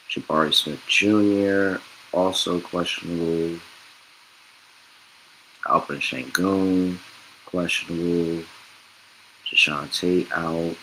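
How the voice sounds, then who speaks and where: A man's voice: deep voice, pushed and bright, a little hiss or hum, low-quality recording. A man hosting a sports betting podcast, talking casually and rambling, correcting himself as he goes and reading ads. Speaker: podcast host.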